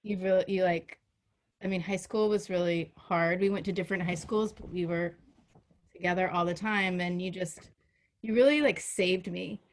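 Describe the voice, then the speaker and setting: A woman in her fifties giving a heartfelt, halting birthday toast over a video call, choked up, with many ums and restarts. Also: lowish voice, steady tone.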